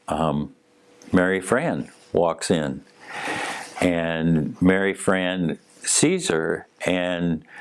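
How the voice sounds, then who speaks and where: A man hosting a podcast, telling a personal story in an unhurried, conversational way with frequent fillers. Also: low voice. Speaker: podcast host.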